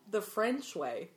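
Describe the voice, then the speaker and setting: Brief: woman co-host, chatty and playful, pitch that swoops around. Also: noisy background. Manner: playful, jokey, mimics voices. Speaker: podcast co-host. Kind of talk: casual chat.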